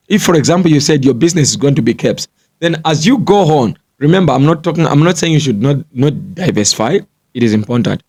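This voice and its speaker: A man's voice: a little high, a little mellow. A man giving a motivational business talk to the camera. He lectures, repeats his points and keeps checking in with the listener. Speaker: business coach.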